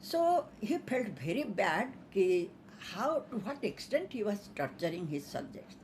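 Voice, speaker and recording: Slow, hesitant storyteller woman. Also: mid-range voice, very animated, a little mellow, slight background noise. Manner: unhurried, with many fillers. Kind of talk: telling a fable.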